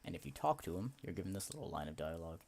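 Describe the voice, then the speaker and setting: A man's voice: sits low, big pitch swings, racing, creaky, darkish tone. A young man casually commenting on and reading through a video game he made, in a lightly sarcastic way. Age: young adult. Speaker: game maker playing his own game. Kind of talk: let's play commentary and reading.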